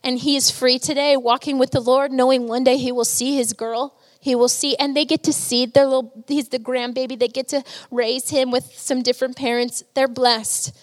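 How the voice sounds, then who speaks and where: A woman's voice: high voice, flat delivery, normal speed, hardly any pauses, in a large hall. A woman preaching a sermon, telling stories earnestly and with emotion.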